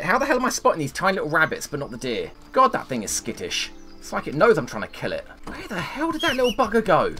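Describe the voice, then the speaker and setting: Lively-voiced man muttering over a game. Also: mid-range voice. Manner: mutters asides and talks back to game characters. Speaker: gaming streamer. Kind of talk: let's play commentary.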